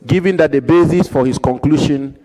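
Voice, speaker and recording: A man questioning a nominee at a formal parliamentary hearing, deliberately quoting the record and repeating his points for emphasis. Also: fairly high pitch, dark tone, poor audio. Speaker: committee member questioning a nominee.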